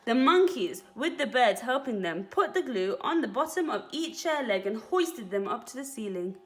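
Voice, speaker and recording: Expressive woman teacher reading a storybook. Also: on the high side, normal speed, few pauses. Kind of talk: storybook read-aloud.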